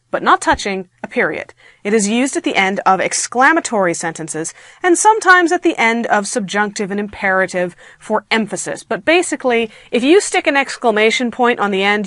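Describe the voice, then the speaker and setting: A woman teaching an online grammar lesson in a playful, animated way, acting out her example sentences. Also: medium pitch, dry recording, studio quality. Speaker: grammar instructor.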